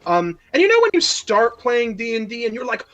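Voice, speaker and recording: A man who runs tabletop games, telling a story in casual chat with friends, animated and joking, swearing freely. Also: extremely high pitch, fairly quick, highs cut off. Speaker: dungeon master and podcast co-host. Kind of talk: casual chat while gaming.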